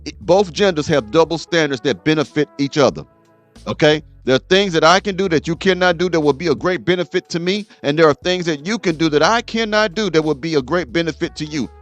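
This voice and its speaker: A man's voice: fairly high pitch, lively intonation, a little fast, muffled recording, soft background music. A man hosting a show, lecturing his audience as he reacts to a clip and repeats "okay?" to drive points home. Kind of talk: reaction commentary.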